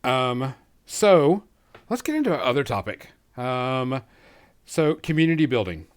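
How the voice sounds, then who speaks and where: A man's voice: medium pitch, big pitch swings, measured pace. A man co-hosting a tabletop gaming podcast, talking in an easygoing, hesitant way with many ums. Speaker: podcast co-host. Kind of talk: casual chat.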